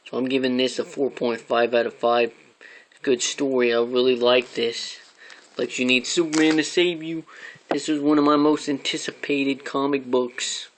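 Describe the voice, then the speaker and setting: A man talks through his weekly comic picks in a loose, rambling way, dropping casual swear words as he goes. His pitch sits in a middling range and barely moves, which gives the delivery a flat, even sound. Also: moderate pace, a little hiss or hum, poor audio. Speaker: comic book reviewer. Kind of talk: casual review vlog.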